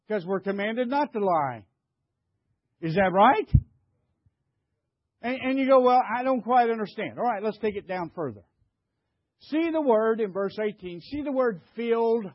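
A man's voice: sits high, no echo, lo-fi sound. An older man preaching a sermon, emphatic, stammering and repeating himself as he questions the congregation. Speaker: pastor.

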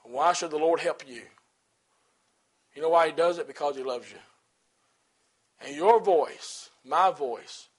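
A man preaching a sermon to his church, swinging from loud, rhythmic exhortation to hushed, quiet passages, in plain colloquial speech. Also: on the high side, unhurried, pauses often, slightly rough. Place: church service.

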